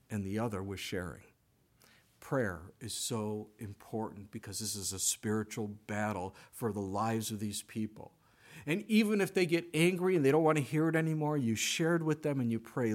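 A middle-aged man preaching a sermon, animated, moving between soft asides and loud emphatic bursts. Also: medium pitch. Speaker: pastor.

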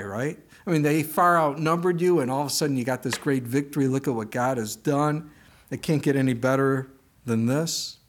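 A middle-aged man preaching a sermon in a conversational way, now and then acting out the voices he quotes. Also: mid-range voice. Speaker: pastor.

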